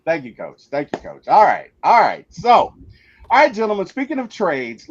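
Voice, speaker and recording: A man's voice: high-pitched, wildly swooping pitch, normal speed, husky. A man hosting a casual sports chat on a live stream, teasing his friends and steering the talk. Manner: playful, teasing, leads the talk. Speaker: host. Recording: dull, lo-fi mic.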